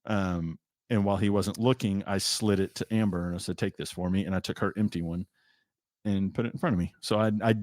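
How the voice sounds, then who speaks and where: Male podcast host, low voice, chatty storyteller, dry close sound. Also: brisk, no echo. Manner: chatty storyteller, animated retelling. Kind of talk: casual chat.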